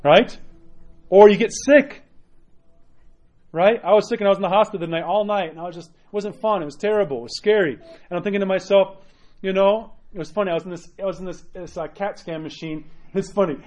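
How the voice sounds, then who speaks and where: A man preaching a sermon as an Orthodox priest, earnest and animated, often checking in with "right?". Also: high voice, brisk. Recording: dull lo-fi sound.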